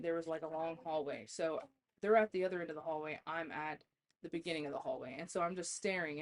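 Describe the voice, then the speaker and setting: Woman with a lowish voice, podcast guest, laughs a lot, cusses casually while telling stories. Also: slight background noise. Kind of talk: casual storytelling chat.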